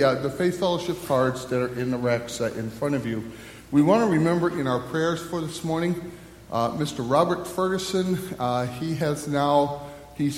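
Pastor leading worship in an echoey church. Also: male voice, medium pitch, a little mellow, a little hiss or hum. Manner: measured liturgical cadence with hesitant fillers in announcements. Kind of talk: church announcements and liturgy. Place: church sanctuary.

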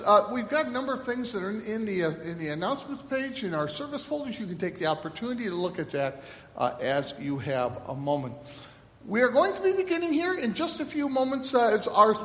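A man serving as pastor, making announcements and then leading the liturgy in a solemn, measured cadence. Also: very high voice. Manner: solemn liturgical cadence with call and response prompts. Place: church sanctuary. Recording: echoey church hall, mic at a distance.

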